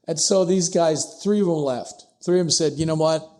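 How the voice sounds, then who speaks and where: A man telling a historical story as a podcast guest, acting out the dialogue with sudden rises in pitch. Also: measured pace, a little mellow. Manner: acts out dialogue with pitch jumps, asides like "I'm paraphrasing". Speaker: podcast guest, distillery co-founder.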